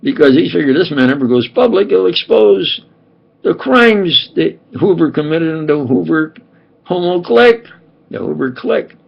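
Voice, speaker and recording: A man's voice: fairly high pitch, creaky, husky, dull audio. An older man from New York with a New York accent, rambling emphatically and repeating himself in a home monologue. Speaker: self-styled scientist and preacher.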